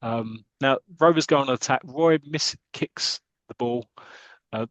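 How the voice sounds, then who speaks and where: A man co-hosting a podcast, casually retelling a football comic story and breaking into excited commentary. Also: medium pitch, unhurried, no room sound. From United Kingdom. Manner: animated, jumps into excited commentary voice. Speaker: podcast co-host.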